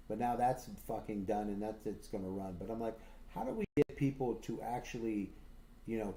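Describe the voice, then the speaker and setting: Guy hosting a stream, kinda low warm voice, swears constantly, rambles and restarts, big excited bragging energy. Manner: rambling, profane, frequent fillers and restarts; boastful, enthusiastic storytelling. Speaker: livestream host. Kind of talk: casual chat.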